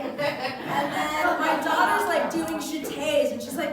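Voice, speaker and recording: A high-pitched woman tells a stand-up story at an unhurried pace. She is picked up from a distance in a very echoey hall, with loud room noise underneath. She leans into sudden high, lively voices to quote her kids. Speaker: stand-up comedian. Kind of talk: stand-up comedy set. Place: live comedy venue.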